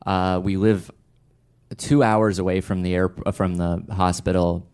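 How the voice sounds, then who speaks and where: A man's voice: low voice, flat delivery, a little slow, darkish tone, smooth. A young man telling a personal story on stage, wry and rambling, full of restarts and fillers. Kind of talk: live storytelling.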